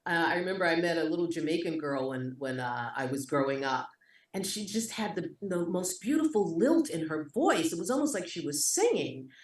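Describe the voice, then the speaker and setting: Guest actor, woman, New York accent, low voice, expressive storyteller, far from the mic in a reverberant room. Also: normal speed. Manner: lively, expressive, voice jumps up in animated moments. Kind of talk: conversational storytelling. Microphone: video call. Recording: echoey room, distant from mic.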